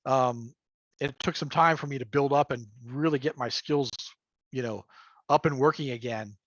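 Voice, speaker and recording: A man's voice: medium pitch, normal speed, a bit bright. A man talking as a guest game master in a casual livestream chat. He rambles with lots of fillers and chuckles, heard over a remote call mic. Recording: dull lo-fi call audio.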